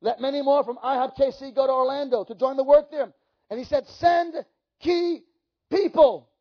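A man telling stories in a sermon as a pastor, animated and acting out the dialogue himself. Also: very high voice, quick pace. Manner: animated, acts out quoted dialogue. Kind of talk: storytelling sermon. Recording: dull lo-fi recording.

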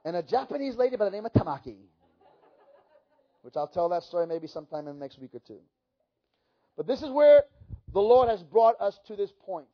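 A man, a pastor, giving a sermon testimony and telling his story with swings from hushed to loud. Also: high-pitched, sing-song, fairly quick, pauses often. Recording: dull lo-fi sermon recording.

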